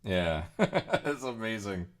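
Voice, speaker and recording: Deep-voiced man hosting a livestream. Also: lively intonation, slow, a little hiss or hum. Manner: rambling, with frequent fillers and chuckles. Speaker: livestream host. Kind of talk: casual reaction commentary.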